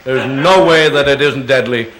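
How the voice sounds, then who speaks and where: At a public Q&A, an older male guest speaker answers the audience with meandering anecdotes, full of fillers and chuckles. His voice sits in the mid range with a fairly bright tone and a normal pace, recorded in an echoing hall.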